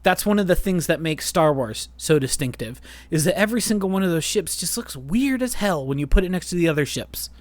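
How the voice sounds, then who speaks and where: A mid-range voice belongs to a podcast co-host chatting casually about films, talking fast and animatedly with lots of restarts and "like"s. The recording is dry and close, with no room echo.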